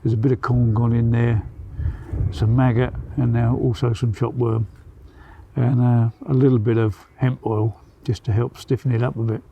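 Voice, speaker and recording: A man casually narrating his carp fishing trip outdoors by a lake, relaxed and pleased. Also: medium pitch, normal speed, gravelly, muffled recording, slight background noise. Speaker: angler vlogger.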